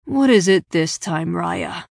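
A smug young prince, cool and measured, as a woman reads him. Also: lowish voice, expressive, vocal fry, darkish tone, no echo, clean studio sound, full character voice. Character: young male prince, smug then earnest. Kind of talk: audiobook character voice.

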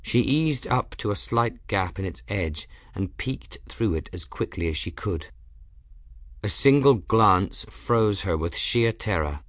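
Narrating an audiobook from a script, a man keeps a measured, even storytelling pace in a lowish voice. The sound is clean studio quality with no echo.

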